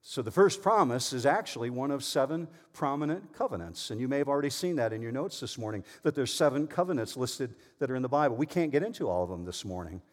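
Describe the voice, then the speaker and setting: A middle-aged man preaching a sermon in a church, swinging from loud emphasis to hushed, near-whispered lines. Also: medium pitch, lively intonation, fast, few pauses. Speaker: pastor. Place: church sanctuary. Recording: long reverb in a large hall.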